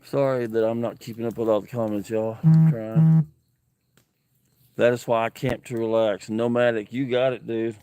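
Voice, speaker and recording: A man's voice: medium pitch, level tone, fairly quick, few pauses, a little mellow, clear, resonant tone, dry recording. A man, livestreaming from an outdoor campsite, talking earnestly and emotionally to viewers and reading out their comments. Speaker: camping livestreamer. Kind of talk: casual livestream chat.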